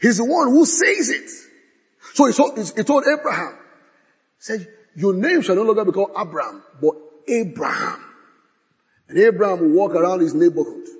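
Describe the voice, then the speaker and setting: A man preaching a sermon, swinging from bold declarations to hushed asides and reciting scripture. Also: high voice, animated, normal speed. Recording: long hall reverb.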